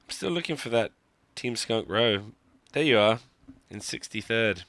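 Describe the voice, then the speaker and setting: A man's voice: fairly low pitch, animated, a little slow, a bit bright, no echo. A man giving live commentary on a mobile game he is playing, talking to himself in a wry, joking, self-mocking way. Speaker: gaming streamer.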